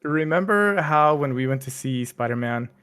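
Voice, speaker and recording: A man's voice: fairly high pitch, expressive, normal speed, fairly bright tone, smooth. A man co-hosting a podcast, chatting casually with lots of fillers and restarts. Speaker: podcast co-host. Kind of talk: casual chat.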